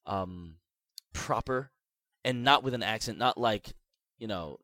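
A man's voice: takes it slowly, no room sound. A man chatting casually about video games as a podcast co-host, rambling with lots of restarts and filler words. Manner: rambling, many restarts and "like", animated pitch swings.

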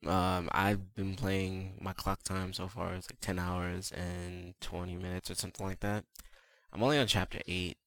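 A man co-hosting a casual gaming podcast, laid-back, with casual swearing and quick asides. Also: sits low, monotone, fairly bright tone. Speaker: podcast co-host. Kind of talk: casual chat about video games.

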